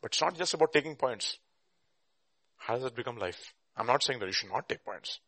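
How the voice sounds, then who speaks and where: A man preaching a sermon and teaching a Bible class, emphatic, with rhetorical questions and bursts of loud stress. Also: mid-range voice, lively intonation, fairly quick, no echo.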